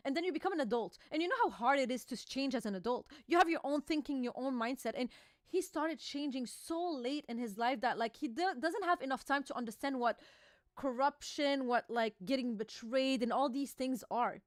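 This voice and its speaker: A woman's voice: high voice, moderate pace, dry recording, studio quality. A woman chatting casually as she reacts to a manga chapter, full of filler words and casual swearing, reading lines aloud and then explaining them. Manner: reads panel dialogue aloud, then explains it. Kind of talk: casual live reaction commentary.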